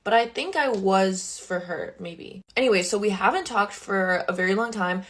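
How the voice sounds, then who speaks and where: A woman's voice: medium pitch, normal speed, fairly bright tone. A young adult woman, a social media creator, telling a casual storytime from her bedroom makeup table, chatty and full of "like" with indignant asides.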